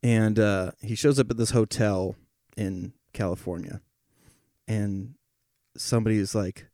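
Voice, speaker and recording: A man's voice: on the low side, steady tone, measured pace, mellow, no echo, clean studio sound. A young man co-hosting a casual comedy chat, enthusiastic, making crude jokes and swearing. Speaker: podcast co-host.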